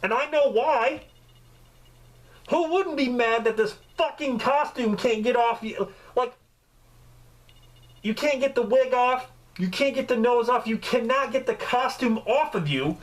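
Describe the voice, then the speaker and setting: A man giving a casual, joking movie review, with swearing and lively storytelling. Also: extremely high pitch, a little slow, poor audio. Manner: profane, joking, animated storytelling.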